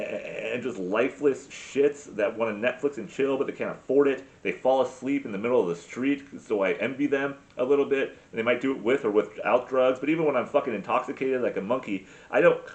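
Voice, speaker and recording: A man ranting crudely in a comic monologue, rambling with many fillers and restarts. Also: medium pitch. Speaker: comedy podcast host. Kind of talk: profane comic rant.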